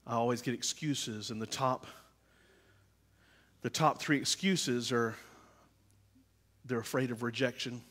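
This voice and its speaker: Impassioned pastor preaching in an echoing church. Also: male voice, medium pitch, steady tone, a little slow, pauses often. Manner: swings from quiet confiding to loud impassioned preaching. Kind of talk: sermon. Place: church sanctuary. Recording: long reverb of a church hall.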